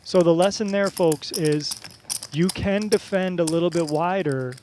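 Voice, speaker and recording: A man's voice: high voice, measured pace, a little mellow, slight background noise. A man giving live poker commentary in a chatty, coaching manner, explaining strategy as he goes.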